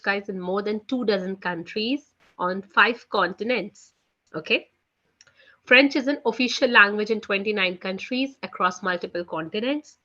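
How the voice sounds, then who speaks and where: Bright-voiced woman teaching an online class. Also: medium pitch, dull audio. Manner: chatty, fills with "you know" and "guys". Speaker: French teacher. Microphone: video call.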